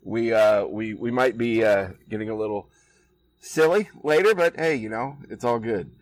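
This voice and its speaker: A man's voice: lowish voice, moderate pace, dry recording, far from the mic, low-quality recording. A laid-back man from Iowa hosts a casual podcast from a backyard. He chats loosely and laughs often, and the sound is dry and close. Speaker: podcast host. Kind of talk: casual chat. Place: outdoors in a backyard.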